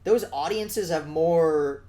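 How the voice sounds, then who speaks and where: A man's voice: fairly high pitch, takes it slowly, warm tone. Man, podcast co-host, casual chat, earnest, rambling, lots of fillers and restarts.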